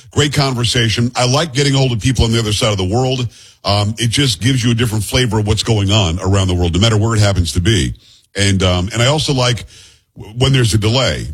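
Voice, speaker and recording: A middle-aged man hosts a talk radio show, rattling off quick jokey asides. His voice is a bit husky, and he speaks close to a studio microphone. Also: on the low side. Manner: chatty, jokey, rapid-fire asides. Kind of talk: casual on-air chat.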